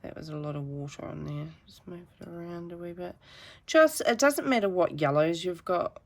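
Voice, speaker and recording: A woman's voice: fairly low pitch, normal speed, gravelly. A woman giving a chatty, rambling painting tutorial with self-deprecating asides. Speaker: art teacher.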